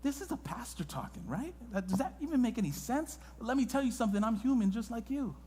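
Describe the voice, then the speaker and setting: Male guest preacher, high voice, hushed to loud, church hall reverb. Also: sing-song, fast. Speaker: guest pastor. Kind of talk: sermon. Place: church sanctuary.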